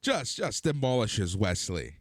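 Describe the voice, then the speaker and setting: A man's voice: on the low side, very animated, unhurried, no echo. A man co-hosting a podcast, casually chatting about wrestling with teasing, sardonic jokes. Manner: sardonic, teasing, joking jabs. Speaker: podcast co-host. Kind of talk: casual wrestling review chat.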